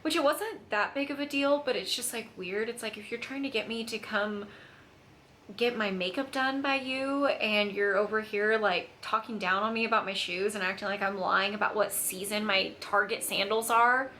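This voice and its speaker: A woman's voice: mid-range voice, normal speed, sharp tone, a little hiss or hum. A young woman telling a casual storytime to camera, chatty and full of "like". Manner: chatty, filler-heavy, lots of "like". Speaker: vlogger. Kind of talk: storytime vlog.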